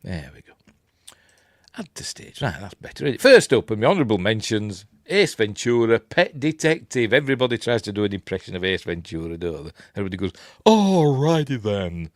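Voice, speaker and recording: A man's voice: fairly low pitch, very animated, brisk, no room sound, clean studio sound. An older man from Yorkshire with a Yorkshire accent, chatting casually about films on his channel, rambling with lots of ums and self-deprecating asides. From Yorkshire, England. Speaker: channel host. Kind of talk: casual live-stream movie chat.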